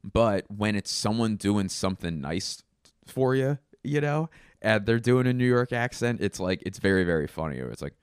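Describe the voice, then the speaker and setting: A man's voice: fairly low pitch, animated, normal speed, smooth, dry recording, studio quality. A man hosting a casual solo podcast, rambling and joking with plenty of swearing. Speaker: podcast host.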